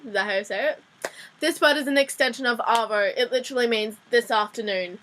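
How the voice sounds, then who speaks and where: A woman's voice: fairly high pitch, normal speed, fairly bright tone. A young Australian woman with an Australian accent, chatting and giggling through a casual vlog lesson with frequent restarts. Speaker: vlogger teaching slang.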